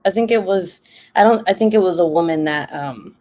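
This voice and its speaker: A woman's voice: fairly low pitch, a little fast, a little mellow, muffled recording. Giggly chatty woman livestreaming. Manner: giggly, chatty, laughs often. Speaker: craft livestream host. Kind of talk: casual livestream chat.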